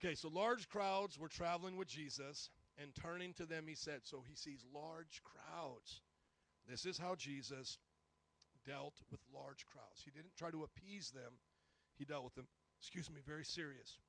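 A man preaching a humorous, animated storytelling sermon, joking and self-mocking as he goes. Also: fairly high pitch, moderate pace.

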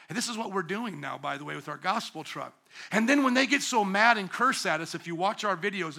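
Male pastor, high bright voice, impassioned sermon delivery. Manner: impassioned preaching with rising shouts. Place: church sanctuary.

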